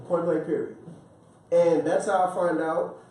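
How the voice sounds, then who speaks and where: Animated high-voiced man in an echoey room. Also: slow pace. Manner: animated, laughing storyteller, swings high when quoting. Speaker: podcast co-host. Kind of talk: casual chat. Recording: echoey room, distant mic, faint hiss.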